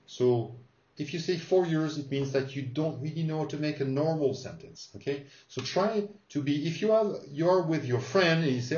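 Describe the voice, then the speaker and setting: A man teaches an English lesson, modelling each phrase slowly and repeating it for learners to copy. His voice sits at a middle pitch. The recording is roomy and a little dull. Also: darkish tone. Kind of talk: English lesson with pronunciation drills. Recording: roomy, slightly dull sound.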